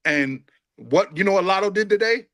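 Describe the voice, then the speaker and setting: A man's voice: sits high, animated, normal speed, a bit bright, no room sound, clean studio sound. A man on a podcast panel, bantering in a playful, teasing way.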